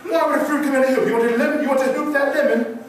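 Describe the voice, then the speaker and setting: A man's voice: very high-pitched, steady tone, very fast, pitched above the performer's own voice. A man doing a prim, scoffing cartoon toucan. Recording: echoey club room from far off, noisy.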